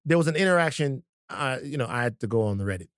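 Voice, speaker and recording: A man's voice: mid-range voice, expressive, fast, dry recording, studio quality. A man co-hosting a podcast in casual conversation, talking in a stop-start way with many fillers and restarts. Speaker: podcast co-host.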